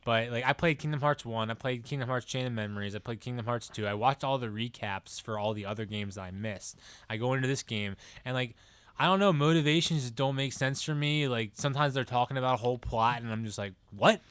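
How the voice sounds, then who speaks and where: A man talking in easy podcast chat, his voice bright and crisply clear. He gets animated, putting on goofy voices for the characters he quotes. The sound is close and dry. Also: medium pitch, a little fast, no echo. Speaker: podcast co-host. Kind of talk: casual chat.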